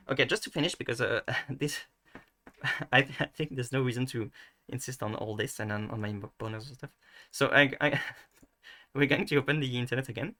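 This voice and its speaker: A man's voice: mid-range voice, sharp tone. A man giving a casual screen-share lesson, hesitant and full of restarts, fillers and self-mocking asides. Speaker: video tutor.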